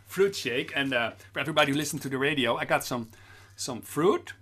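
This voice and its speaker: A middle-aged Dutch man, a children's musician, chatting casually in halting English with many fillers and restarts. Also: medium pitch, sharp tone. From Netherlands. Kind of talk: casual chat with sung children's songs.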